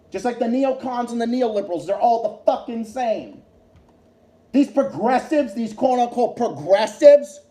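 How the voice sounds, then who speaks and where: A man's voice: very high voice, dark tone, echoey room. A man hosting a livestream, ranting heatedly about politics with lots of profanity and repetition. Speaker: livestream host.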